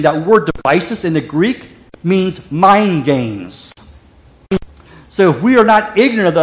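A man's voice: sits high, echoey room. A man preaching a sermon as pastor, emphatic and repetitive with frequent restarts.

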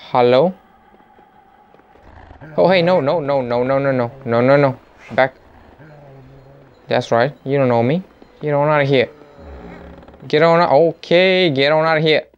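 A man giving jokey let's play commentary, with excitable, panicky outbursts. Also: medium pitch, smooth, dull audio. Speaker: gamer.

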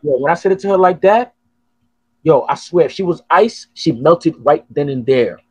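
Male podcast host, fairly high, husky voice, dry sound, swears a lot. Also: moderate pace, no echo. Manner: profane, animated storytelling. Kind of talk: casual chat.

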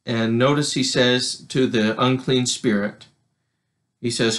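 A male pastor preaching a church sermon, reading scripture aloud in a measured way. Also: mid-range voice, fairly even intonation, a bit bright.

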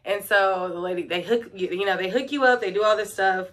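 A woman's voice: mid-range voice, fairly quick, fairly bright tone. A young woman telling stories in a casual vlog, chatty and full of "like" and "um". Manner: chatty, fills talk with "like" and "um". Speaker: vlogger and middle-school teacher.

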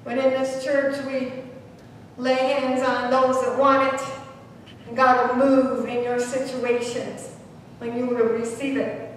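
A woman pastor preaching a sermon, swinging between loud preaching and hushed quiet, recorded in a church. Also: level tone, slow. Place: church sanctuary. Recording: echoey church hall from far off, faint rumble.

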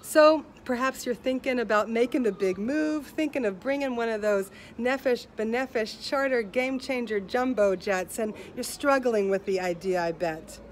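A woman's voice: on the high side, normal speed, few pauses, slight background noise. Passionate woman giving a rhythmic spoken-word talk. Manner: passionate, rhythmic, rhyming delivery that drops softer at the end. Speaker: speaker at an online festival. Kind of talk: personal talk ending in spoken-word poetry. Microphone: video call.

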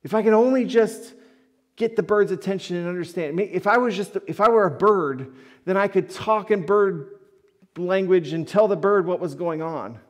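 A man's voice: a little high, wildly swooping pitch, fast talker, hardly any pauses, warm tone. A man voicing an exasperated homeowner who is pleading to understand a bird trapped in his house.

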